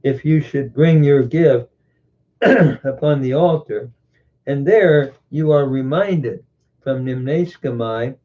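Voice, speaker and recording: Slow, measured male Bible teacher. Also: medium pitch. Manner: slow, deliberate, with frequent pauses and self-corrections. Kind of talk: scholarly scripture reading with grammar commentary. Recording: muffled lo-fi recording.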